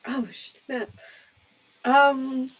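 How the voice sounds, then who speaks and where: A woman's voice: high-pitched, level tone, drawn-out words, poor audio. A young woman chatting as a guest on a casual podcast, giggly and playful. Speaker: podcast guest, board member. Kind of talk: casual chat.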